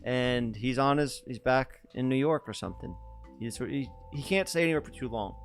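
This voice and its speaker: A man's voice: mid-range voice, normal speed, faint music behind. A young man hosting a podcast in casual chat, joking loosely and swearing freely. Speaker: podcast host.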